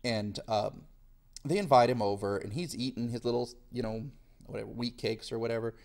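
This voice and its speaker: A man's voice: medium pitch, fairly quick, gravelly, darkish tone. A male history teacher giving a casual video lecture in a jokey style full of slang.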